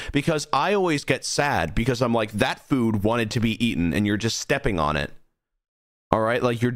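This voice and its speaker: A young man with a fairly low voice chats loosely to his viewers while streaming a spooky game. He rambles and restarts his sentences, and his voice jumps up high when something startles him. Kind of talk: casual gaming livestream chat.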